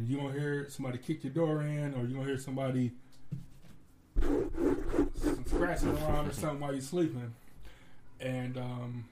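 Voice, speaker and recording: This man from Ohio tells stories in easygoing conversation, lively and laughing often as he acts out what others said. His pitch is medium, and there's slight hiss or hum in the background.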